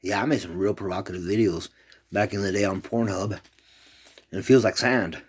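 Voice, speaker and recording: A man's voice: on the low side, normal speed, husky. A man rambling in a loose, profane monologue, jumping from one complaint to the next.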